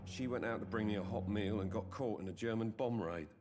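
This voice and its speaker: An actor playing a grieving working-class widower and father, speaking quietly and mournfully. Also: lowish voice, brisk, close to an everyday voice. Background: game music.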